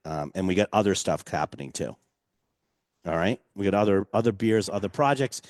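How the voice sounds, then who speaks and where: Man, radio host, casual chat, low pitch, dry studio sound. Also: animated, fairly quick, darkish tone, no echo. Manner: chatty, loose and enthusiastic, with many fillers.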